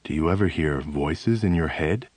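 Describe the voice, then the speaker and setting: A man reading the lines of a smiling male army psychiatrist who asks questions in a cheerful, then low and serious tone. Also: normal speed, a little mellow, breathy edge, dry recording. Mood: probing.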